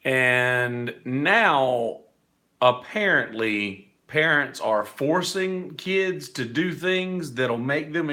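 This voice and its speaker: A man's voice: a little high, pushed and bright. A man hosting his own podcast, telling rambling stories in a candid, profane, casual way. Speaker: podcast host; working musician. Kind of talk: casual monologue.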